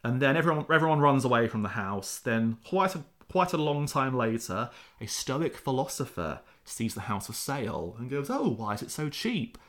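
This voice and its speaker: Animated man telling tales. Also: mid-range voice, moderate pace, hardly any pauses. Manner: animated storyteller, acts out quotes. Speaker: historian guest. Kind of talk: casual podcast chat.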